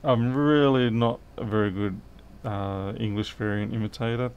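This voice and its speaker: Gravelly man chatting while repairing. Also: on the low side, steady tone, normal speed, darkish tone, highs cut off. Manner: rambling, thinks aloud, answers chat. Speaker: repair technician livestreaming. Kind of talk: casual livestream chat while working.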